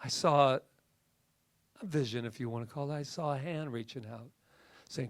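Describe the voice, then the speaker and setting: A middle-aged man preaching a sermon as minister, swinging from emphatic rising peaks to soft, near-whispered asides. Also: mid-range voice, normal speed, no room sound.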